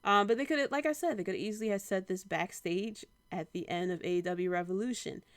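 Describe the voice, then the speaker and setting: Chatty young woman with a smooth, dry voice. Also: medium pitch, fairly quick, no echo. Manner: chatty, many fillers, quotes people in animated bursts. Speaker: podcast host reviewing wrestling. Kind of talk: casual solo review.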